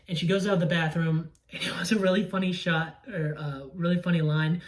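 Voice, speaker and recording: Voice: medium pitch, brisk, few pauses. A young adult recapping a horror movie in a casual, rambling way, swearing often and breaking into grossed-out outbursts. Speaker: movie reviewer.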